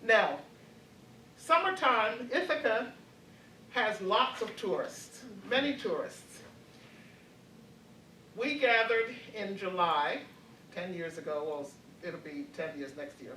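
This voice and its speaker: A woman's voice: mid-range voice, animated, slow pace, pauses often, sharp tone, roomy sound, far from the mic, slight background noise, low-quality recording. An older woman in her eighties, reflecting on her college years as a panelist, hesitant with many fillers and restarts and frequent laughs. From Baltimore. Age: 80s. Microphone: video call.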